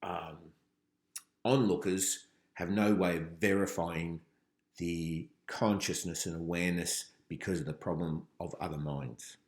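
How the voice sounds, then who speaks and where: A man teaching philosophy in a relaxed revision lecture, thinking aloud with frequent ums. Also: low voice, measured pace. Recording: roomy echo.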